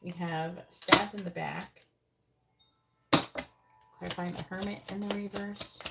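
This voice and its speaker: A woman giving a live tarot reading in casual chat. She talks bluntly and swears freely, laughs often, and mutters her card draws in a low, quick undertone. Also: fairly even intonation, gravelly, heavy background noise. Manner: blunt and profane, with frequent laughter. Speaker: psychic tarot reader.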